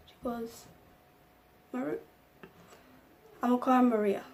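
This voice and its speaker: A woman's voice: high voice, moderate pace, long pauses, a little mellow. Young woman telling a personal story. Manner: emotional personal storytelling, acting out quotes. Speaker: vlogger. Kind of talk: storytime vlog.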